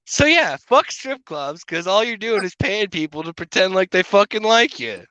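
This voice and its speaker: This middle-aged podcast co-host launches into profane, meandering stories, cursing freely and performing lively impressions of whoever he's quoting. He speaks at a normal speed in a high voice carrying a bright, forceful edge. There's no echo, and the sound is dry and close with almost no room, though the highs are cut off.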